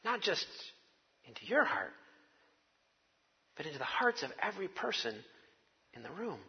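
A man's voice: fairly high pitch, sing-song, normal speed, breathy edge, long reverb tail, lo-fi sound. A man preaching a sermon to his congregation, telling it like a wry, conversational story. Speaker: pastor.

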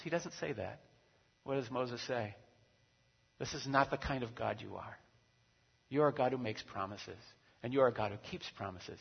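A man pastor preaching a sermon, animated and acting out quoted voices with big swings in loudness. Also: medium pitch, vocal fry, slightly rough. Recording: dull recording with long hall reverb.

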